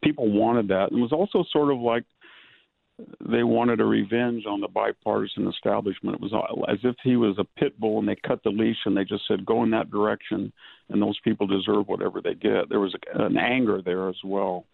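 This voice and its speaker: A male guest, speaking by phone, in a measured manner, laying out long lists of examples. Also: fairly low pitch, fairly even intonation, creaky, husky, no echo. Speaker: guest commentator. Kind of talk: political interview over the phone. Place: home in rural California. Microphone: telephone. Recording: tinny phone line.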